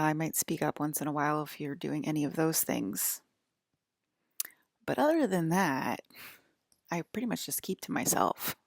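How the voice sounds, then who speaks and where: A woman with a low, gravelly voice rambles on in a personal monologue, wandering from thought to thought with plenty of "um" and "like." The sound is dry and close, with no room around it. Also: dry recording. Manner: meandering, full of "um" and "like", soft-spoken. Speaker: vlogger.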